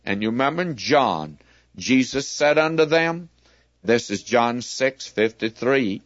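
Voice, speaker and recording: A man teaching scripture at an unhurried, deliberate pace, stressing his key points. The sound is dry and close, with a slightly dull, lo-fi quality to the recording. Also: mid-range voice, expressive, no room sound. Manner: measured, explanatory, leaning on key words. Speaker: Bible teacher. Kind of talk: radio Bible teaching.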